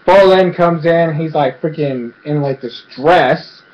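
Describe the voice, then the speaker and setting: A man giving an excited, rambling casual recap as a show reviewer, filling his speech with "freaking" and "like". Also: on the high side, slow. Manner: rambling, excitable, fills speech with 'freaking' and 'like'. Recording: dull lo-fi recording.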